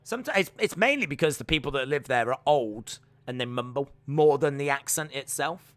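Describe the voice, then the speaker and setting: A young man hosting a live watch-along stream, rambling chattily with viewers and calling the action in excited play-by-play. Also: medium pitch, fairly quick, dry recording.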